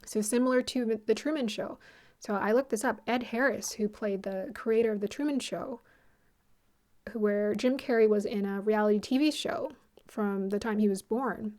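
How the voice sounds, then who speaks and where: A woman talking casually as the host of her own channel, retelling a story in a loose, rambling way. She jumps into short quoted lines as she goes. Her voice sits at an ordinary middle pitch. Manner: rambling, animated retelling with quick quoted asides. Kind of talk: casual spoken film retelling.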